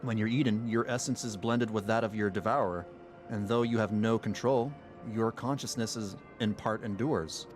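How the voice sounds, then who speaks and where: A man voicing a calm, sharp-witted young woman, speaking in a measured, questioning way. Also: fairly low pitch, soft background music, voice pushed down, natural voice. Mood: explaining.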